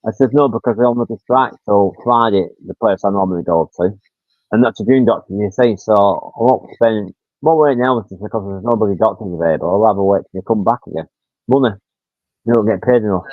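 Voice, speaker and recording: A man's voice: fairly low pitch, a little fast, no echo. A man in his fifties, chatting casually as a livestream host and rambling through stories with frequent mild swearing. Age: 50s. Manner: rambling storyteller, swears casually, acts out quotes. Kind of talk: casual chat. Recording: tinny, dry phone-like sound.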